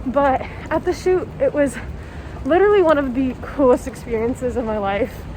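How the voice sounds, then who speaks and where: Brief: young woman vlogger, high-pitched, chatty and laughing, swears freely, recorded on a street with loud traffic noise. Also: normal speed, low-quality recording. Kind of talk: casual vlog. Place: outdoors on city streets.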